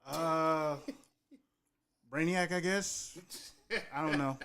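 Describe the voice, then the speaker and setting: A man co-hosting a podcast in a loose, conversational way, his voice a little high for a man. He rants with passion, stacking phrases and circling back to repeat his points. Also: steady tone, drawn-out words, fairly bright tone, slight background noise. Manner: impassioned, ranting, repeats "go ahead". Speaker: podcast co-host. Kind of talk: casual chat.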